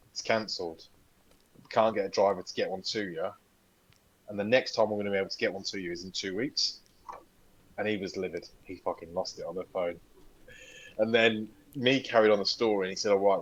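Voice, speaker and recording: Bloke, husky low-ish voice, animated storytelling, sweary casual podcast chat. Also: male voice, fairly quick, long pauses, lo-fi sound. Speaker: podcast co-host.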